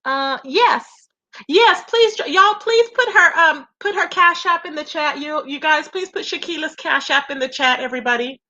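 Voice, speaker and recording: A high, bright woman's voice comes through dull, lo-fi stream audio. She gossips in a loose, chatty way and keeps greeting viewers. She calls the audience "baby" and "y'all". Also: moderate pace. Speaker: livestream commentary host. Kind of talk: casual livestream gossip commentary.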